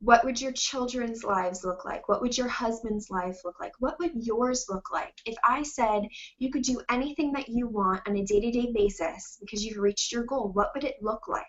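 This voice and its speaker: A woman's voice: on the high side, moderate pace, hardly any pauses, lo-fi sound. Earnest woman giving a motivational talk. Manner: earnest, encouraging, direct. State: holding back tears. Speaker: motivational speaker.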